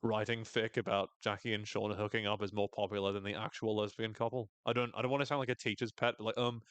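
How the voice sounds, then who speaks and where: Male podcast host, mid pitch, excitable recap talker who curses casually and mimics lines, recorded dry and close. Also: fast, clear, resonant tone, no room sound. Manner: enthusiastic, swears freely, acts out quoted lines in shifting voices.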